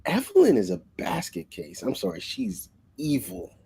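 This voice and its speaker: A man co-hosting a casual book discussion, recapping the plot in an excitable, rambling way with lots of restarts. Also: on the high side, normal speed, creaky, slightly rough, poor audio. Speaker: book club co-host.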